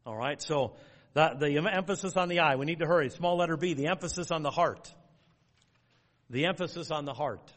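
A man's voice: fairly high pitch, brisk, fairly bright tone, big-room sound. A man preaching a sermon in a folksy, plain-spoken way, working through numbered points and quoting scripture. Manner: folksy, outline-driven preaching with quoted scripture. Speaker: pastor.

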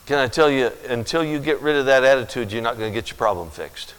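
A pastor preaching a sermon and telling stories, swinging from loud, emphatic lines to quiet asides. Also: male voice, medium pitch, lively intonation, brisk, smooth, big-room sound, low-quality recording. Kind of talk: sermon with storytelling.

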